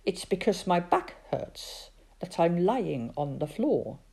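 A gloomy, grumbling storybook dad laid up and sorry for himself, voiced by a woman reading aloud. His lines come out sulky and put-upon in a mellow, rounded tone. Patient but plainly fed up. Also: fairly low pitch, takes it slowly, heavily acted. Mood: grumpy. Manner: grumpy, flat complaining. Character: grumpy, gloomy father with a bad back.

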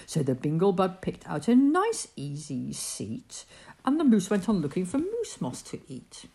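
Woman, bedtime story reading, animated, rhyming read-aloud, wildly varied pitch. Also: measured pace, vocal fry.

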